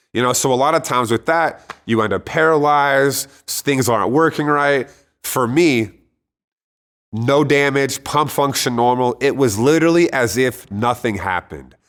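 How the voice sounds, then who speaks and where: Man, mid-pitched, earnest testimony, casual and conversational, with restarts. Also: a bit bright. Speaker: storyteller sharing a personal testimony.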